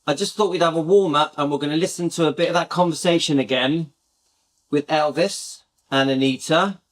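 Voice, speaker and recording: A British man talks casually to his viewers as host of his channel. His fairly high voice rambles along with eager enthusiasm. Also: a little fast. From Britain.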